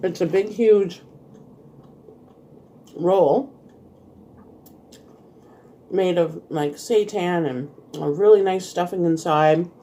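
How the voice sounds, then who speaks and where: A woman with a low, mellow voice chats casually between bites. She talks to viewers in an easy mukbang style, laughing often. Faint clinks of cutlery and dishes sit behind her. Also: slow, long pauses, slight background noise. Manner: chatty, eating while talking, laughs often. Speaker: vlog host.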